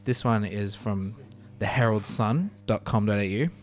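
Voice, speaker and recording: A man's voice: on the low side, a little slow. A man co-hosting a student radio show, chatting casually in a rambling way full of fillers. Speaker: radio co-host.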